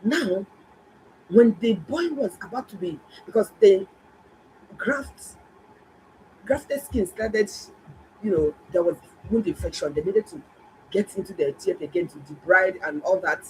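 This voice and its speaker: A middle-aged woman, a doctor, telling viewers a story in a casual, animated and exclaiming way. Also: medium pitch, measured pace, pauses often, slight background noise, rough recording. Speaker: doctor and health vlogger.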